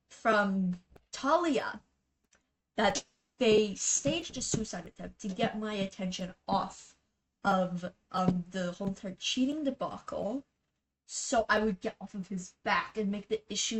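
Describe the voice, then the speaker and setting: A woman's voice: mid-range voice, slow, fairly bright tone. A young woman telling a personal story in a casual vlog, rambling and blunt, with lots of fillers and swearing. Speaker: vlogger.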